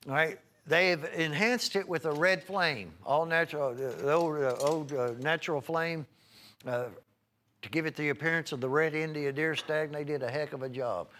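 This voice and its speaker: A man's voice: fairly high pitch, a bit bright, slight background noise. A man hosting a live home shopping broadcast, chatting in a folksy, rambling way while reeling off prices and item numbers. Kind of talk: live televised sales pitch.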